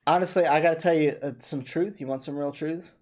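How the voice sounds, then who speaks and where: A man's voice: a little high, steady tone, fairly quick, a little mellow. A man hosting a livestream, chatting casually and playfully, often laughing. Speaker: livestream host.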